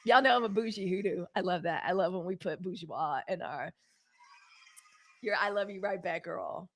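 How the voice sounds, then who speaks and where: A woman's voice: on the low side, normal speed. A woman from Mississippi, hosting a live news stream and talking casually to her viewers. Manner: animated, talks to her chat, swings loud and soft. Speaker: host.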